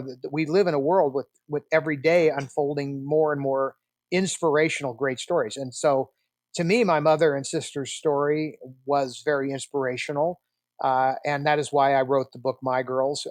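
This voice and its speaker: In a dry recording, a sixty-something film producer with a medium-pitched voice chats through animated anecdotes during a casual interview, frequently starting his sentences over.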